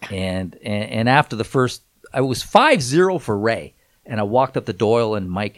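A middle-aged man, a guest on a show, telling a rambling story with many restarts and getting loud when excited. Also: fairly low pitch, moderate pace. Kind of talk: casual anecdote telling.

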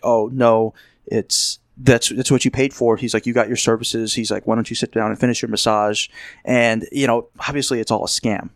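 In Las Vegas, a man tells a long, rambling anecdote during a casual chat, acting out the things people said. His voice is mid-range and the recording has no room sound.

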